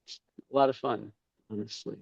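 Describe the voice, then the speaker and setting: A man's voice: fairly low pitch, fairly even intonation, fairly quick, creaky, slightly rough, no room sound, dull audio. A man talking casually as a podcast guest, rambling, with many fillers and quoted asides. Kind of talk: casual conversation.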